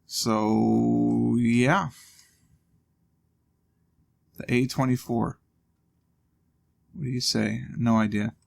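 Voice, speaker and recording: A man with a gravelly, creaky voice talks through a video game in a loose, casual way. He thinks out loud and throws in dry little jokes as he goes. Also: mid-range voice, steady tone, very slow, long pauses. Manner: thinking aloud, wry asides. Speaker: let's play host. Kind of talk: casual gameplay commentary.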